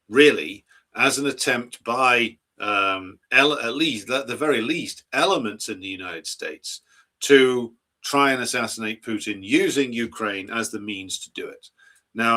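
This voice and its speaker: A man's voice: lowish voice, pushed and bright. A man hosting a political commentary stream, arguing his case and posing rhetorical questions. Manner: argumentative, asks rhetorical questions.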